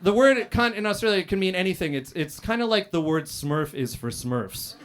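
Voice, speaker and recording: Man, stand-up comedian, roast battle, deadpan, halting pauses, comedy club stage. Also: high voice. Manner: deadpan, dry delivery with many "uh" pauses and loud outbursts.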